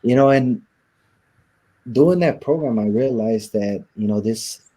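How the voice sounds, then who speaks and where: A man's voice: mid-range voice, a little slow, mellow. A man being interviewed, telling a personal story and acting out the lines of the people in it. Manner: recounts events by acting out quoted dialogue. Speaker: interview guest.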